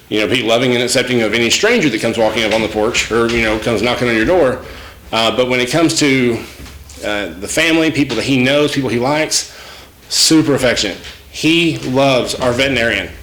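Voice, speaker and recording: A man's voice: medium pitch, fairly bright tone. A man talking casually to camera about his dog, rambling with many fillers and restarts. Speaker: dog owner vlogger. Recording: echoey home room with light noise.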